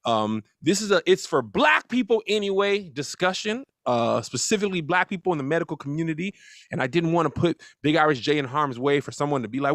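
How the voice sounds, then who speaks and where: A man's voice: a little high, lively intonation, brisk, fairly bright tone, no room sound. A man hosting a talk show in a loose, joking way, introducing a guest and asking questions. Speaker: host.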